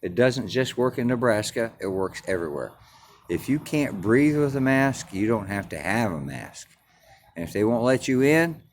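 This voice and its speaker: A man telling a story in a crude, defiant, boastful rant, swearing constantly. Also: lowish voice. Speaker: vlogger.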